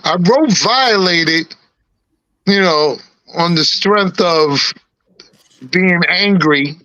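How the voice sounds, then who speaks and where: A middle-aged man with a slight lisp, talking in a relaxed, laughing way on a podcast. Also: high voice, drawn-out words, no room sound, lo-fi sound. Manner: laid-back, laughing, peppered with "you know what I'm saying". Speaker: guest rapper. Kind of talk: casual podcast chat.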